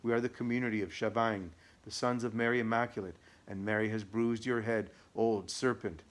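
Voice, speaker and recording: A man's voice: fairly low pitch, steady tone, fairly quick, natural voice. A man reading the part of a stern, commanding exorcist priest in an audiobook. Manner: firm, commanding.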